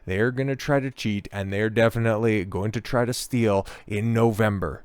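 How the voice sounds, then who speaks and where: A man's voice: fairly low pitch, fairly even intonation, normal speed, clean tone, dry recording. A man hosting a political commentary vlog, sarcastic and full of mocking asides.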